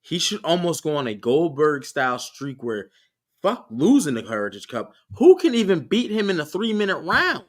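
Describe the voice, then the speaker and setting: Animated man thinking aloud about wrestling. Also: on the high side, moderate pace. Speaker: podcast co-host. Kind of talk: casual wrestling analysis chat.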